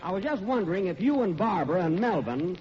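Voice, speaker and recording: A man hosting a 1940s radio variety show with dry, deadpan comebacks. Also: high-pitched, fast talker. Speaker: co-host. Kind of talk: scripted radio comedy hosting. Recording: dull noisy 1941 radio broadcast.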